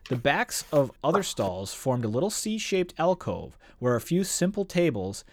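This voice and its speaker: A man's voice: medium pitch, very animated, unhurried. A man hosting a casual book discussion, enthusiastically summarizing chapters and reading passages aloud. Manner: enthusiastic, summarizes the plot and reads excerpts aloud. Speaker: book discussion podcast host. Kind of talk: casual book club chat.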